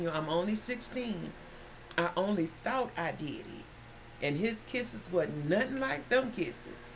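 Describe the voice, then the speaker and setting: A woman telling a story in a casual, animated way, talking straight to her viewers. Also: lowish voice. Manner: animated, chatty, addresses listeners as y'all. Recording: dull lo-fi, faint background noise.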